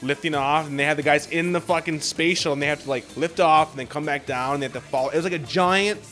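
A man's voice: fairly high pitch, quick pace, a bit bright, soft background music. A man hosting a podcast, rambling through stories with lots of swearing and filler words. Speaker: podcast host. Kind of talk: casual podcast chat.

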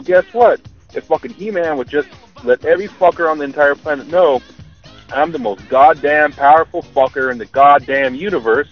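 A man ranting profanely in a voicemail message to a podcast. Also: on the high side. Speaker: voicemail caller. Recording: muffled voicemail recording.

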